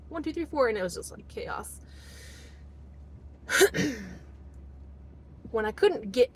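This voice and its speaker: A woman's voice: medium pitch, a little hiss or hum, low-quality recording. Emotional woman telling her story in a car. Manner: rambling, emotional, acts out quotes. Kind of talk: casual storytelling monologue.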